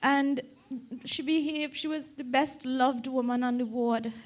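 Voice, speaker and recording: A middle-aged Trinidadian woman, a daughter giving a funeral eulogy, reading slowly and earnestly and close to tears at times. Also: high voice, fairly even intonation. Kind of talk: funeral eulogy read aloud.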